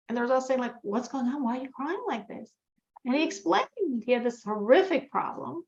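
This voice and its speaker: A woman teaching a religious class, telling stories and acting out the characters' lines as she quotes them. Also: a little high. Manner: storytelling, animated quoting of characters. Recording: echoey, dull lo-fi room sound.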